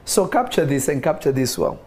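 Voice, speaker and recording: A man's voice: mid-range voice, brisk. A man preaching a livestreamed sermon, calling out to listeners and acting out God's words. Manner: animated, calls out to listeners, acts out God's voice.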